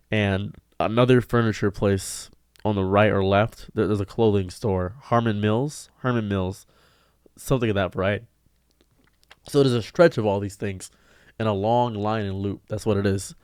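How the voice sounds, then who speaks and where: A man telling a diary-style story to camera in an exasperated, ranting way, his voice jumping up sharply in pitch. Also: moderate pace, a little mellow, clean tone, no room sound, studio quality. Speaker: streamer and video diarist.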